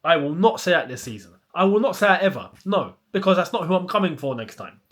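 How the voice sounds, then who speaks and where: A man's voice: high-pitched, very animated, quick pace. A young man, hosting a casual football chat and ranting with plenty of rhetorical questions. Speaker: football channel host.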